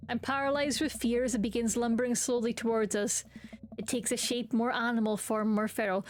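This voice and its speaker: A woman's voice: on the high side, a little hiss or hum. A woman streaming a dating game, reading its lines aloud with playful comments and silly voices.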